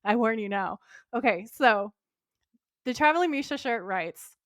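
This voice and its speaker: A woman co-hosting a podcast, chatting warmly and enthusiastically and reading a post aloud. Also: on the high side, lively intonation, a little slow, dry recording, clean studio sound. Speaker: podcast co-host. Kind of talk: casual chat and reading aloud.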